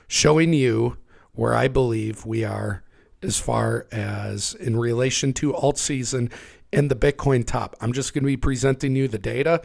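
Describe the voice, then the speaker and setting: Hoarse, gravelly-voiced sick man. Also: medium pitch, darkish tone. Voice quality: raspy. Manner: conversational, talks through charts. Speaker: livestream host. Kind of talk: casual market commentary.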